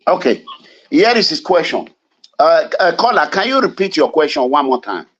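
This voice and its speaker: A man's voice: on the high side, sing-song, fairly bright tone, lo-fi sound. A man from Nigeria hosting a live call-in show, taking calls and steering around a bad connection. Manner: managing calls over a bad connection, brisk and directive. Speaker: radio talk show host.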